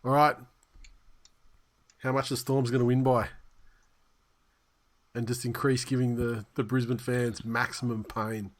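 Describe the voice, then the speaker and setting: A man of middle pitch hosts a rugby league podcast. He is blunt and crude, swears freely and rattles through player lists. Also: level tone, measured pace, pauses often. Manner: blunt, profane, reading out team lists. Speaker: podcast co-host. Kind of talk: casual sports chat.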